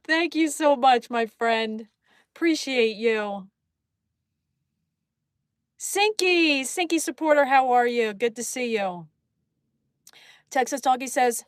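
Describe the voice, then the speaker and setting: A woman's voice: high voice, animated, takes it slowly, long pauses, no echo, clean studio sound. Bubbly woman chatting on a livestream. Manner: bubbly, laughing often, exclaiming thanks to viewers. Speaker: livestream host. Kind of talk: casual live-stream chat reading comments.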